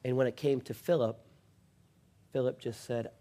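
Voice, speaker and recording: A man preaching a sermon, swinging from passionate, shouted refrains down to a soft, intimate storytelling voice. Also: medium pitch, fairly even intonation, moderate pace. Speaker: pastor.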